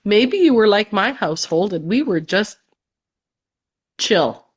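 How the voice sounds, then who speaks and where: Woman cohost feeling under the weather, flat tired delivery, muffled lo-fi sound. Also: a little slow, slightly rough. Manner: flat, low-energy delivery today. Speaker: co-host of a feng shui live show. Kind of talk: casual live-stream chat.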